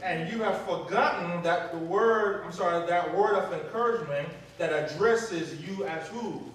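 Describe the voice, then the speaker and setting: A man preaching a call-and-response sermon, animated, stopping so the congregation fills in the words. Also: high voice, normal speed. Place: church sanctuary with congregation. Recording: echoey church from far off, crowd.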